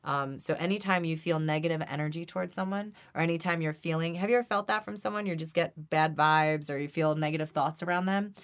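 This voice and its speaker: A woman energy healer, a podcast guest, talking earnestly and animatedly in an interview, repeating phrases and dropping to a hushed voice when she recites a prayer. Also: sits low, fairly even intonation, quick pace, hardly any pauses. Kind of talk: conversational interview.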